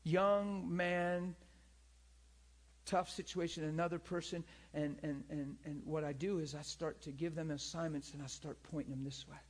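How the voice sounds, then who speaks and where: A man teaching in a church in an animated, earnest way, often asking his listeners to agree with him. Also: fairly quick, hardly any pauses. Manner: animated, acts out people in high pleading voices; earnest, repeats himself, asks listeners for agreement. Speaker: pastor and teacher.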